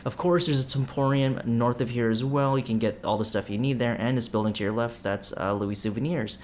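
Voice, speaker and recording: A man's voice: mid-range voice, steady tone, a little fast, darkish tone, a little hiss or hum, close to an everyday voice. A man voicing a friendly, chatty local townsperson who welcomes a newcomer.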